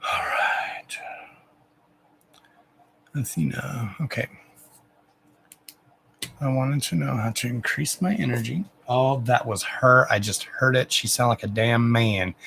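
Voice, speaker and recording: A man's voice: mid-range voice, slow, creaky, long pauses, bright, forceful tone, slight background noise, poor audio. A man hosting a live psychic reading stream, chatting in a rambling, casual way, swearing now and then and talking to his pets.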